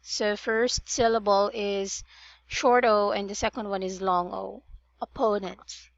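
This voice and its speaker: A woman's voice: medium pitch, level tone, measured pace, gravelly, no echo, muffled recording. A woman tutoring English pronunciation in a one-on-one online session, patiently drilling words and correcting vowel sounds.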